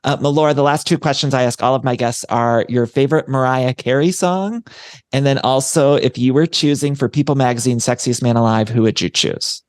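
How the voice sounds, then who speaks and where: A man's voice: mid-range voice, brisk, a little mellow, dry recording. Enthusiastic male podcast host, dry close mic. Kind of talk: casual interview chat.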